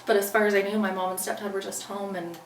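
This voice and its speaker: Fast and level in tone, this medium-pitched woman earnestly recounts a personal story during an interview, voicing what she said back then. A distant microphone in a roomy space picks her up along with faint background noise.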